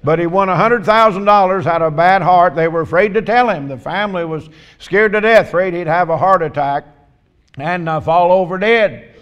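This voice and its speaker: Folksy preacher, high voice. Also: male voice, a bit bright, clear, resonant tone, highs cut off. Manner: folksy storytelling, drawn-out emphatic questions. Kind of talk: sermon with humorous stories.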